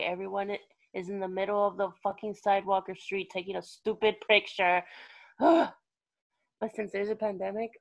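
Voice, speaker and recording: A woman's voice: mid-range voice, vocal fry, poor audio. A woman co-hosting a podcast in casual chat, teasing and swearing freely. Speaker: podcast co-host. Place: lives in New York City.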